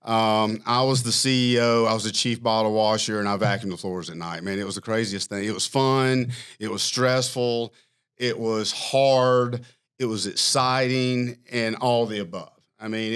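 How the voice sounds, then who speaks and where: A man's voice: lowish voice, normal speed, clear, resonant tone. Self-mocking storytelling man. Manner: animated, self-mocking storyteller who laughs often. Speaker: firm CEO, podcast guest. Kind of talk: casual storytelling interview.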